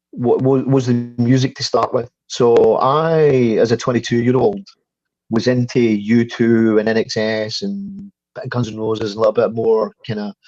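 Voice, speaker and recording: Telling a story as a guest in relaxed interview chat, this Scottish man in his fifties keeps stumbling into restarts and now and then swears. His medium-pitched voice is a little mellow, and the dry recording sounds dull.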